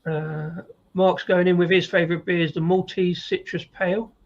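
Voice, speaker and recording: Husky man, lo-fi sound. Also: sits high, little pitch movement, moderate pace. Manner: repeats words as he thinks aloud. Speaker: beer reviewer co-host. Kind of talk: casual chat.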